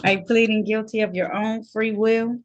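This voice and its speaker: A woman presiding as a judge over a hearing on a video call. Her voice sits a little high for a woman, and she speaks firmly and directly, ready to scold. The sound is that of a remote meeting. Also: level tone, normal speed, muffled recording. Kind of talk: court hearing.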